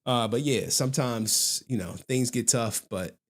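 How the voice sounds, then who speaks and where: A man's voice: mid-range voice, unhurried. A man hosting a live stream in casual commentary, slangy and laughing, with repeated asides.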